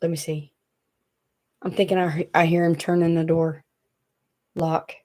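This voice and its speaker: A woman with a Southern US drawl chats loosely to her viewers on a home livestream. Her voice sits a little low, and she rambles from thought to thought with a fidgety, talkative ease. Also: level tone, a little slow, warm tone. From Tennessee. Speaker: DIY craft channel host. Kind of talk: casual livestream chat. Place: small hot room at home.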